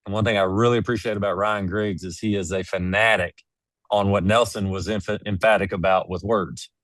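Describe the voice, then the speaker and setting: A man's voice: on the low side, fairly even intonation, brisk, fairly bright tone, no echo. A man speaking as a guest in an interview, making his points with emphatic, preachy storytelling. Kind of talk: casual interview conversation.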